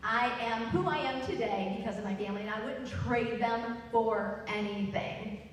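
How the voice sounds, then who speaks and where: A woman telling comic family stories on stage in an animated way. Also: on the high side, moderate pace, heavy background noise. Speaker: storyteller. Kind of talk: stage storytelling. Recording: echoey hall, distant mic.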